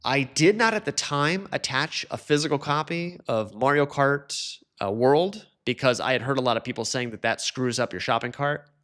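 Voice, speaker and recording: Lively, chatty male podcaster. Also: moderate pace, hardly any pauses. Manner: chatty, animated, mimics complainers in high mocking voices. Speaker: podcast host. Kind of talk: casual solo podcast monologue.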